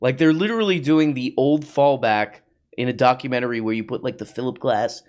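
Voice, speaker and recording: A man's voice: mid-range voice, brisk, a little mellow. A man hosting a comedy podcast, riffing mockingly on social media posts with sarcastic asides. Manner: mocking, with sarcastic put-on voices. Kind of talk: riffing commentary.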